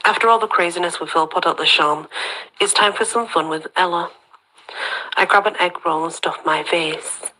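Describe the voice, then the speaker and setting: A woman reading a story aloud as host of her own channel, steady and even, with soft half-whispered dips. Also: on the low side, moderate pace, rough recording.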